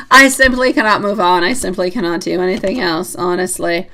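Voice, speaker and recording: A woman's voice: lowish voice, fairly quick, few pauses, sharp tone. A woman hosting a live tarot reading stream, chatting casually with viewers, teasing and laughing often.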